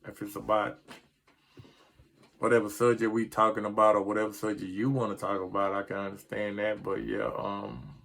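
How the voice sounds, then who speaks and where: A man's voice: lowish voice, flat delivery, moderate pace, gravelly, a bit bright. A middle-aged man, ranting casually about his sports team in a rambling, frustrated way that trips over words. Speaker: sports vlogger.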